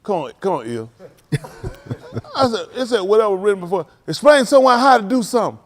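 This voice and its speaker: A man pastoring a service, playfully teasing young people in the congregation and calling them out by name. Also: fairly quick. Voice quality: high lively voice that leaps up in mock singing. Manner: playful teasing, calls out names, Southern Black vernacular phrasing. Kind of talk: informal sermon with youth check-ins. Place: congregation hall.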